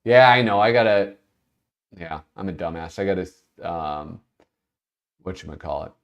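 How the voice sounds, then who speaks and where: A man's voice: low voice, animated, a little slow, gravelly, dull audio. A man hosting a casual livestream, chatting loosely with viewers, often breaking off mid-thought and laughing as he talks. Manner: rambling, self-interrupting, laughs while talking. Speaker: host.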